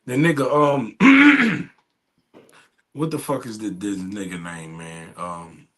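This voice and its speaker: A man's voice: on the low side, animated, slow pace, fairly bright tone. A man co-hosting a podcast, talking in a blunt, profane, joking way. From United States. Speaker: podcast co-host. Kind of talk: casual chat.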